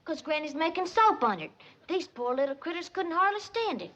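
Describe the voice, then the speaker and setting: A woman's voice: very high voice, brisk. An actress playing a sweet, plainspoken young hillbilly woman with a twang, in a 1960s sitcom. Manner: folksy country twang. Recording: muffled old TV audio with steady hiss.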